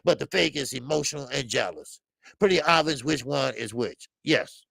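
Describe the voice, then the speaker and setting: A man's voice: medium pitch, normal speed, gravelly, dry recording. A man hosting a live boxing stream, talking bluntly and repetitively to his chat, often swearing. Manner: blunt, repetitive, animated, profane. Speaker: boxing show host.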